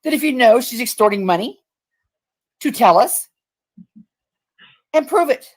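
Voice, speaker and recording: A woman's voice: on the high side, lively intonation, unhurried. Blunt, profane woman ranting. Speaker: livestream host. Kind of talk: casual ranting livestream chat.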